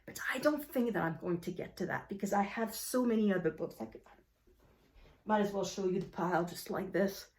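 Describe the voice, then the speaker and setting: A woman with a French accent chatting casually about her reading plans, a little out of breath, often correcting herself and filling pauses with ums. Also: medium pitch, darkish tone, slight background noise. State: slightly out of breath. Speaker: book vlogger. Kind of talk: casual book chat to camera.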